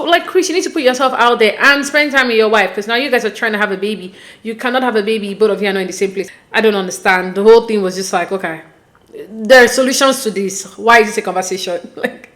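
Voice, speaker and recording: A Nigerian woman hosts a reality TV recap, offering casual commentary that is animated, opinionated and often exasperated. Her voice is medium-pitched.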